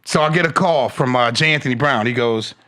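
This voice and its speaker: A man appearing as a comedian guest on a podcast, chatting casually and stammering when he gets excited. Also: mid-range voice, brisk. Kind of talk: casual chat.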